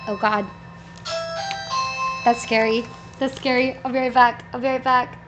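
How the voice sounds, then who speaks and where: High-voiced young woman livestreaming. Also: level tone, a little slow, dull audio, over music. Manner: repeats words over and over, practicing pronunciation. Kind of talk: casual live-stream chat. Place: bedroom with air conditioning running. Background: air conditioning hum.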